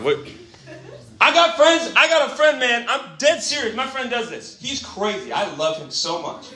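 A young man preaching an energetic sermon, animated and casual, swinging from quiet asides to shouting and calling listeners bro and man. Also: very high-pitched, normal speed. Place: church gathering hall. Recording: echoey room.

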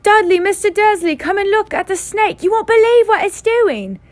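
A woman reading aloud and voicing an excitable schoolboy who shouts for the grown-ups in a high, loud voice. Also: normal speed, no echo. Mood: excited. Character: shrill excitable schoolboy tattling loudly.

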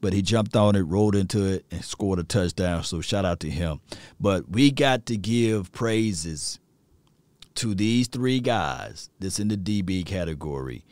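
A man hosting a sports stream, telling slangy, excitable stories and laughing often. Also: low voice, measured pace, no echo. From rural area. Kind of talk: animated sports talk.

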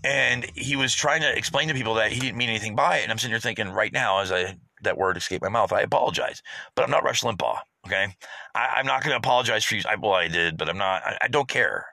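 A man hosting his own low-budget podcast, ranting bluntly and profanely in a rambling, casual way. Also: fast, vocal fry, pushed and bright, dry recording. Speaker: podcast host. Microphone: home podcast setup.

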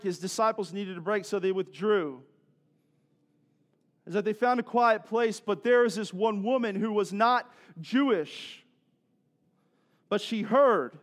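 High-voiced man preaching conversationally. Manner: conversational preaching with joking asides and rhetorical questions. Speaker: pastor. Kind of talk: sermon.

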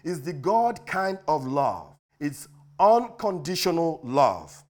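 A male preacher delivering a sermon, swinging from loud declarations to hushed asides. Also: fairly high pitch, sing-song, slow.

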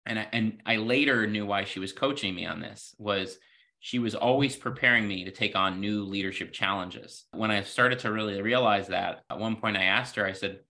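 Bright-voiced man telling interview stories. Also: on the low side, moderate pace. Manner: earnest, sprinkled with "you know" fillers. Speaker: podcast guest, healthcare executive. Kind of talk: reflective interview storytelling.

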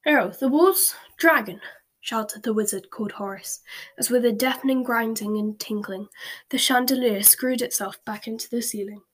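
A woman reading a storybook aloud in a slow, hushed whisper, with occasional small slips. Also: fairly high pitch, fairly even intonation. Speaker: story reader.

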